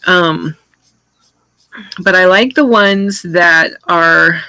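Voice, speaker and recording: A middle-aged woman talks loosely through her painting session on a live stream, her voice bright and forward. She rambles, circles back on herself and chats with her viewers as she works, heard close and dry with no room around her. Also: on the low side, extremely slow, clean tone, no room sound, rough recording. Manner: rambling and chatty, full of restarts, answers viewer comments. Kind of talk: casual live-stream chat while painting.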